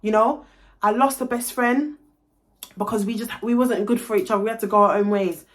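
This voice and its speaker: A woman's voice: mid-range voice, fairly quick. A young woman telling a storytime vlog, emphatic, swearing freely and slipping into Caribbean slang. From London. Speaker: vlogger.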